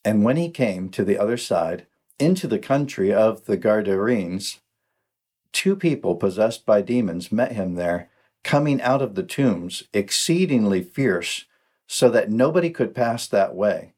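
A man hosting a podcast, giving a slow, measured scripture reading. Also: on the low side, lively intonation, darkish tone. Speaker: podcast host.

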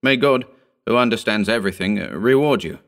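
A man's voice: lowish voice, lively intonation, fairly quick, gravelly, a bit bright. Man doing a faltering, hopeless castaway. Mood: pleading. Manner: faltering, pleading.

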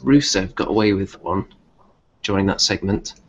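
A man's voice: low voice, moderate pace. A man from Europe co-hosting a casual wrestling chat, making dry, wry remarks. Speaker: podcast co-host. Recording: dull lo-fi audio with faint background noise.

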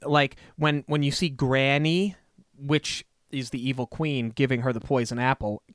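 A man casually discussing a movie as a podcast co-host, chatty and animated with frequent fillers. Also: mid-range voice, unhurried, dry recording, studio quality.

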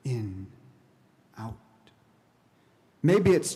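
Male preacher, mid-pitched, slow and soft-spoken, guiding a breathing prayer; long hall reverb. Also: very animated. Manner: slow, hushed, coaching listeners through breathing. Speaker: pastor. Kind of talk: sermon, guided prayer.

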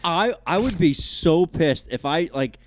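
A man's voice: on the high side, unhurried, a little hiss or hum. A man co-hosting a sports podcast, telling stories in loose, profane banter. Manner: animated storyteller, swears freely. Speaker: podcast co-host. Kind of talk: casual sports talk.

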